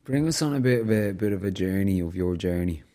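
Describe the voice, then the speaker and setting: A man's voice: low voice, lively intonation, fairly quick, warm tone. A man hosting a casual podcast, reflective and fond of telling stories. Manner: storytelling, upbeat and reflective. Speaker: podcast host.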